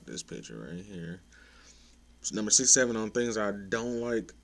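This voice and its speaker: Voice on the low side with some vocal fry, a young adult man gives his viewers a casual opinion rant at normal speed. He is very animated, blunt and profane in a laid-back way, getting exasperated now and then.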